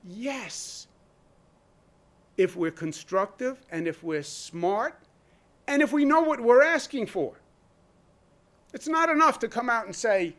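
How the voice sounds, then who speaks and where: A man's voice: very high voice, sing-song, slow, pauses often, a bit bright. A man, a state governor giving an emphatic press conference speech full of rhetorical questions. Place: press room.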